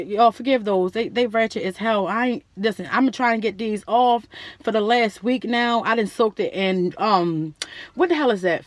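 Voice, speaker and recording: A young woman vlogger telling a story in a chatty, slangy, animated way. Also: fairly high pitch, dry recording. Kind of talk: casual storytelling to camera.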